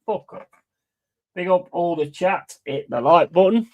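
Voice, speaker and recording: A man hosting a football watch-along, calling play-by-play in a blunt, excitable and heavily sweary way. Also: high-pitched, measured pace, highs cut off. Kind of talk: live match commentary.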